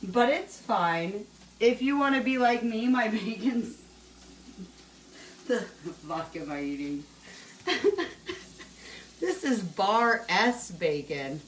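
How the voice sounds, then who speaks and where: A woman's voice: on the high side, lively intonation, slow pace, long pauses, a little hiss or hum. Rambling sweary woman cooking, roomy sound. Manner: rambling, sweary, laughs often. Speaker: cooking show host. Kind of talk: casual cooking chat. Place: home kitchen. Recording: roomy room, mic at a distance.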